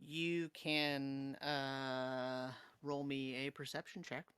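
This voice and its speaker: A man's voice: mid-range voice, level tone, drawn-out words, a bit bright, clean tone, dry recording. A man runs a tabletop game, describing the scene in loose, meandering sentences. The recording is dry and close. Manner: loose, rambling description with fillers. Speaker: game master.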